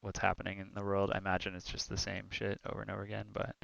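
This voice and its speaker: A man's voice: fairly low pitch, racing, vocal fry, dry recording, muffled recording. A young man co-hosting a streamed talk show, chatting casually and rambling through stories with lots of fillers. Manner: rambling, animated storytelling with many fillers. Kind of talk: casual chat.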